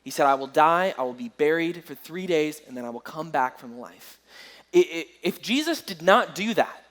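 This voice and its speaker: A young man giving a Christian apologetics talk, engaging a live audience with questions. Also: a little high. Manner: lively, engaging the crowd with questions. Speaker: Christian speaker.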